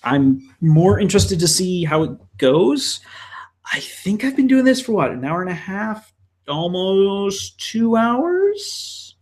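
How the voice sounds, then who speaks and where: A man talks his way through a drawing on a live stream, rambling and muttering to himself with plenty of ums. He speaks slowly, but his pitch swings widely up and down. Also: big pitch swings, a little mellow. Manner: rambling, self-talking, scattered fillers. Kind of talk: casual live-stream commentary while drawing.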